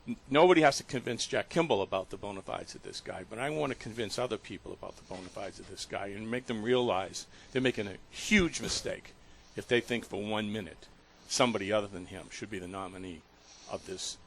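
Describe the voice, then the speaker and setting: A man hosting a talk radio show, telling a story in an earnest, emotional way with halting restarts. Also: fairly low pitch, gravelly, slight background noise.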